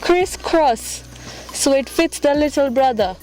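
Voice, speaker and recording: A high-pitched woman speaks through a face mask while she shows a group of children how to stay clean. She is patient and repetitive, with short encouraging praise and constant checks that they follow. Music plays clearly behind her. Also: animated, takes it slowly, poor audio. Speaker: charity volunteer teaching children. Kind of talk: instructing children. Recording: music playing under the speech. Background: loud background music.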